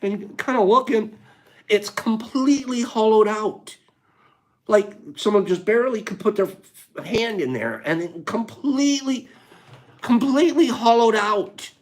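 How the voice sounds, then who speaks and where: A man hosting a casual livestream, chatting to viewers in an animated way and laughing often. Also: high-pitched, unhurried. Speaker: livestream host.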